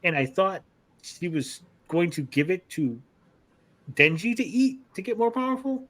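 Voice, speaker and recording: A man's voice: high-pitched, very animated, a little slow, a bit bright. A man co-hosting an anime podcast, casually recapping episodes in a rambling, profane way and acting out characters' lines.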